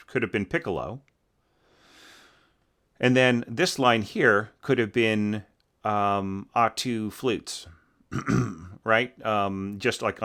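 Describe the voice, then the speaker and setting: A man's voice: fairly low pitch, pushed and bright. Rambling man critiquing a score. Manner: rambling, many fillers, sings phrases as bum bum. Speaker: orchestration teacher reviewing scores. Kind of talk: casual spoken critique.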